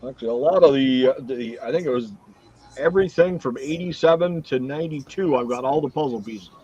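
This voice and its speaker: A man's voice: medium pitch, a little fast, breathy edge, lo-fi sound. A man hosting a casual livestream card break, reading out cards and teams one after another. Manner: reads out cards and teams in a steady run.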